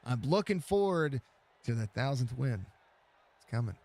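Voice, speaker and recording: A man's voice: mid-range voice, animated, moderate pace, a little mellow, no room sound. A man hosting post-race interviews in casual talk, laid-back and rambling, laughing often, on a headset mic. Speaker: race broadcast host.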